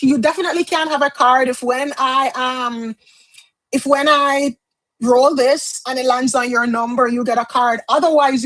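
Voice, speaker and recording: High-voiced Jamaican woman chatting. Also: a bit bright, no room sound, poor audio. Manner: chatty, switches into patois phrases, laughs often. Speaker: tarot reader. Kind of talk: casual livestream chat.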